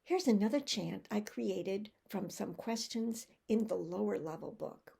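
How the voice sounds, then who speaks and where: A woman with an American accent giving a conference teaching presentation, modelling drill sentences slowly for students to repeat. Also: medium pitch, animated, vocal fry, dark tone, slight background noise. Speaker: English teacher trainer.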